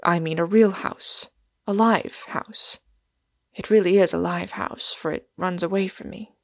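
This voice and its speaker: A woman reading a big wistful englishman, soft and earnest, gravelly edge, dry close sound. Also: fairly low pitch, steady tone, a little slow, dry recording. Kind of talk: audiobook character reading.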